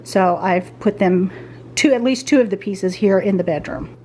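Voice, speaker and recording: A woman's voice: mid-range voice, normal speed, warm tone, a little hiss or hum. A middle-aged woman vlogging casually from her bedroom at home as she tidies. She thinks aloud and talks to her viewers as she weighs her choices. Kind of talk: casual vlog chat while tidying.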